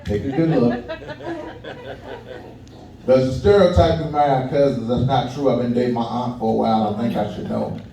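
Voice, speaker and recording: Male comedian from Kentucky, mellow tone, loose crowd-work delivery, recorded far off in a reverberant small venue. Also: medium pitch, steady tone, normal speed, pauses often, slight background noise. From Kentucky, USA. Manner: loose, conversational, laughing at his own jokes, talks to the crowd. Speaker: stand-up comedian. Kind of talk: stand-up comedy set. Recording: echoey room, mic heard from far.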